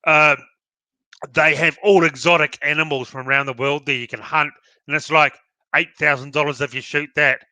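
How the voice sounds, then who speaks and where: A man's voice: a little high, steady tone, moderate pace, sharp tone, no room sound. An Australian man co-hosting a podcast, chatting bluntly and with strong opinions. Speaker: podcast co-host. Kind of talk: casual chat.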